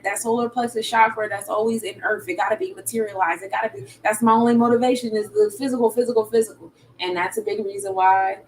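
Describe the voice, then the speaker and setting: A woman's voice: a little high, distant mic, slight background noise, poor audio. Slangy woman reading tarot on a stream. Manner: loose, slangy, laughing asides. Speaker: tarot reader.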